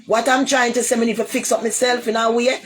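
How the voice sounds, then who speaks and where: This Jamaican-accented woman talks fast in a voice that is a little high with little pitch movement. Live to her viewers, she rants casually, going over the same points again and answering commenters with blunt insults.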